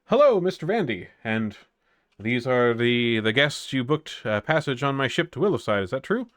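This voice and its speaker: A man voicing a regal female half-elf ship captain who speaks in a crisp, formal, upbeat way. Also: medium pitch, very animated, normal speed, a bit bright, no room sound, clean studio sound, pitched above the performer's own voice. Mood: brisk, welcoming.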